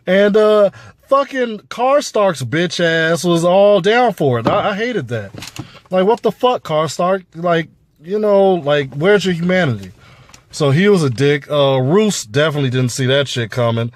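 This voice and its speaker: A man's voice: on the high side, expressive, measured pace, a little hiss or hum. A man giving a casual, profane review of a TV episode, rambling with lots of fillers. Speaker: show reviewer.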